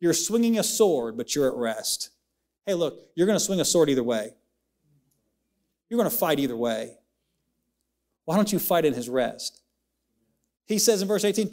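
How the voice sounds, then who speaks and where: A man's voice: very animated, darkish tone. A young adult man preaching a sermon in a church, rising and falling dramatically, stretching words out for emphasis. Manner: preaching with big swings of pitch, dramatic slowdowns. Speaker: pastor. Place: church sanctuary.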